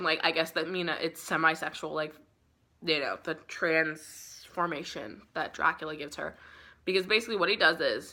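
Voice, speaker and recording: For her vlog, a young woman talks through a book summary in a fairly low yet bright, forceful voice. Her delivery wanders loosely, full of fillers and swearing.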